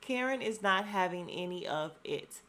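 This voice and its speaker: A woman's voice: on the low side, expressive, normal speed, fairly bright tone. Sassy woman podcaster recapping drama. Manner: sassy and blunt, with mild profanity; acts out quoted lines in bursts of mimicry. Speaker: podcast host recapping a reality show. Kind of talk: casual recap commentary.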